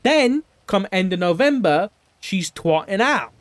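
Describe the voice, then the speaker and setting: A man's voice: sits high, sing-song, a little slow, dry recording. A man recapping an investigation in character, rambling and swearing a lot, sometimes mimicking other people. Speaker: roleplay streamer.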